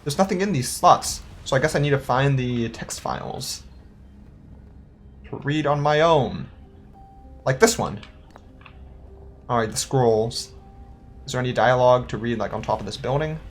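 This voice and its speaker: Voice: mid-range voice, slight background noise. A young adult playing a game and chatting casually, thinking aloud, questioning themselves and laughing now and then. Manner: playful, quick to laugh. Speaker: let's-play gamer. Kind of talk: casual gameplay commentary.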